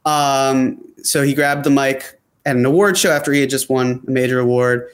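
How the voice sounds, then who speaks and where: A man's voice: medium pitch, steady tone, moderate pace. A man hosting a casual sports talk show, reading viewer comments in a loose, chatty way with many fillers and restarts. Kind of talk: casual chat.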